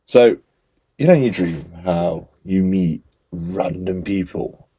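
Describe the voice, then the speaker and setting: A young man co-hosting a podcast, telling stories in an animated, casual way with lots of fillers. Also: sits low, slow pace, slightly rough. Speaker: podcast co-host. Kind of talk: casual chat.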